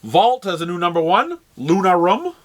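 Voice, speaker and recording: High-voiced New England man. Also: big pitch swings, normal speed. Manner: rambling, with frequent fillers and restarts. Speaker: comic shop host. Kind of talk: casual product rundown.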